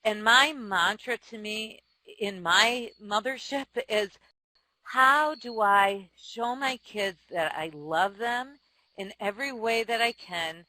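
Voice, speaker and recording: Bright, frank businesswoman in her forties. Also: mid-range voice, poor audio. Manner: frank and self-deprecating, with quick laughs and restarts. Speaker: company CEO and author, guest. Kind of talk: candid interview storytelling.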